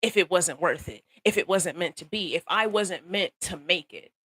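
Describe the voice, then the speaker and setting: A young woman hosting a casual live stream, talking on her phone and greeting viewers by name. She speaks in an animated, encouraging way, laughs often and repeats phrases for emphasis. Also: fairly low pitch, moderate pace, breathy edge, no room sound. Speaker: livestream host.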